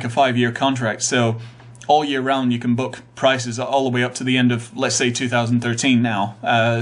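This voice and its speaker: A young man chatting casually on a vlog, rambling with lots of uhs and ums. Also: mid-range voice. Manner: rambling, full of uh and um. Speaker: vlogger. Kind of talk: casual chat.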